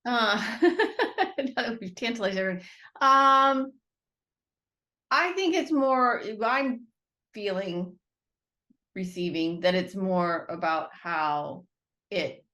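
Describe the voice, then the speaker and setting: A woman's voice: medium pitch, expressive, very slow, long pauses, bright, forceful tone. A woman co-hosting a podcast, speaking in a thoughtful, hesitant way. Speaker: podcast co-host. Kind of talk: reflective conversational chat.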